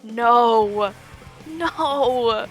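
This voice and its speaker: A woman's voice: fairly high pitch, very slow, soft background music. A young woman commentating a live esports tournament, joking in playful mock outrage and wandering off on tangents.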